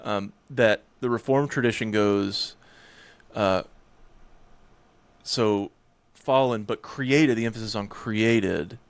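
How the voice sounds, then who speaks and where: A man with a low voice hosts a podcast conversation, recorded close with a dry, roomless sound. He thinks aloud as he talks, restarting phrases and hedging his points as he goes. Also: steady tone, takes it slowly, pauses often, clear, resonant tone, no room sound. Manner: hesitant, restarts and hedges while thinking aloud. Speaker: podcast host. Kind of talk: conversational theological discussion.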